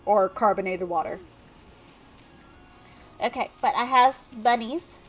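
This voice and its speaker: A woman's voice: a little high, slow, husky, soft background music. A woman streamer giving casual, rambling gameplay commentary full of fillers. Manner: chatty, rambling, with many fillers.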